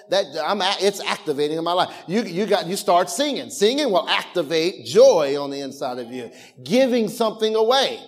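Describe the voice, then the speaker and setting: A pastor with a high voice preaches at a fairly quick clip, animated and full of call-and-response, laughter and shouted lines. His speech is informal and riddled with restarts and repetitions.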